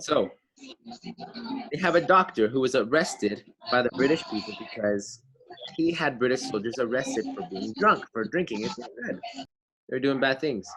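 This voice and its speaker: Male grade school teacher, casual and chatty, asks the kids stuff, mid pitch. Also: a bit bright, a little hiss or hum. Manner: chatty, asks the kids questions, explains words. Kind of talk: reading aloud and explaining to a class.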